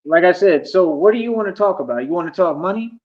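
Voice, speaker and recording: A man's voice: sits high, expressive, fast, muffled recording, background noise. A man ranting defiantly at his chat during a phone livestream, boastful and combative.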